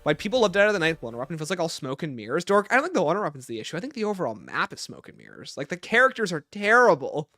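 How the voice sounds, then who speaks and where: A male streamer chatting casually on a livestream, reading his viewers' comments aloud and firing back blunt opinions. His voice sits a little high and sounds bright and forward, with a very animated, bouncing delivery. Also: rapid-fire, few pauses, no room sound, clean studio sound, soft background music. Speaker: livestream host.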